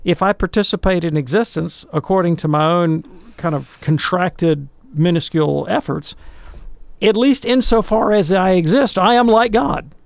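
Brief: male radio theologian, gravelly, dry close mic, patient teaching tone. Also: sits high, no room sound. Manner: earnest, explanatory, slows down to stress points. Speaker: theologian answering listener questions. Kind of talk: radio call-in talk.

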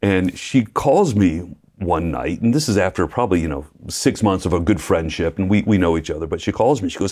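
Lively storytelling preacher, low voice. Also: male voice, brisk, hardly any pauses. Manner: lively storyteller, acts out quotes, laughs often. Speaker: preacher, guest. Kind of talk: personal testimony in conversation.

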